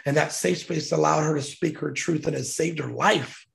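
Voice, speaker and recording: Gravelly male veteran guest sharing a moving story with emphasis; deep rasp throughout. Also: normal speed. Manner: heartfelt, emphatic, choked up at times. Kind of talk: emotional storytelling.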